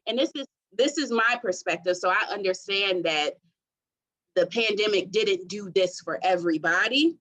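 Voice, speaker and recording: Woman guest in her 30s from Detroit. Expressive, faith-centered storytelling, mid-range voice. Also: mid-range voice, moderate pace, low-quality recording. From Detroit, USA. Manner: expressive, testimony-style storytelling. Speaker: podcast guest. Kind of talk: faith-centered interview talk.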